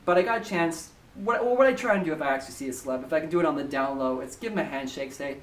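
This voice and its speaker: A man sending in a recorded story to a podcast, telling it in a chatty, animated way. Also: on the high side, quick pace, hardly any pauses, distant mic. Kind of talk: casual storytelling voice message. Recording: echoey room, voice away from the mic.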